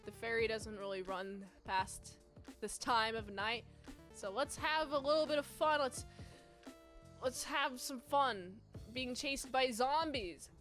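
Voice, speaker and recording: A woman's voice: on the high side, slow pace, fairly bright tone, soft background music. A woman giving a casual, playful, rambling movie review.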